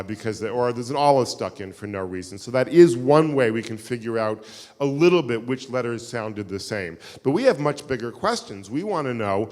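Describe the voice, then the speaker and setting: Guy giving a keynote talk, rambly and joking, lots of ums, long reverb from the hall. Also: medium pitch. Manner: chatty, self-deprecating storyteller with many fillers. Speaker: keynote lecturer. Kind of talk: live lecture with audience questions. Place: synagogue hall.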